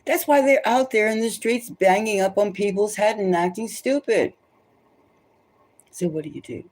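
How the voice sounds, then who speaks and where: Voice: mid-range voice, normal speed, darkish tone. A tarot reader giving rambling spoken commentary, emphatic and loose, often repeating phrases for stress. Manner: loose and conversational, many restarts.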